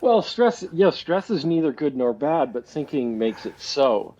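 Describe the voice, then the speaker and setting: A man's voice: a little high, big pitch swings, unhurried, warm tone, a little hiss or hum. A Canadian man in his forties, a guest speaking reflectively in a casual interview, often laughing and restarting his thoughts. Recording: slightly dull lo-fi audio.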